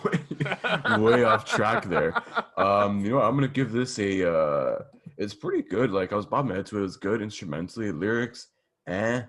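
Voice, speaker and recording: A man co-hosting a podcast in rambling, crude casual chat, leaning hard on "like". His voice sits very low with a gravelly fry. His pitch swings widely as he talks. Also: a bit bright. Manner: crude, rambling, heavy use of "like". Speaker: podcast co-host.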